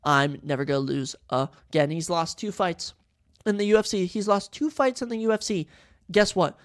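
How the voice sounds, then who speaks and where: A man's voice: sits high, fairly quick. A young man hosting a sports podcast, breaking down fights with hype and repeating lines for emphasis. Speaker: podcast host.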